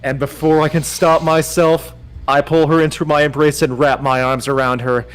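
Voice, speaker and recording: A man reads aloud with mock-dramatic flair on a livestream, teasing his host between passages. His voice sits a little high and he bursts into loud urging. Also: flat delivery, normal speed, clear, resonant tone, faint music behind, low-quality recording. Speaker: guest reader.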